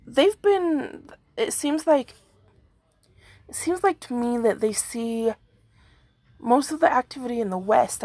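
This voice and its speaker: Hoarse, creaky woman vlogger. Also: a little high, darkish tone, no room sound. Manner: rambling, frequent fillers and yawns. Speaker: earthquake forecast vlogger. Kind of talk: casual video update.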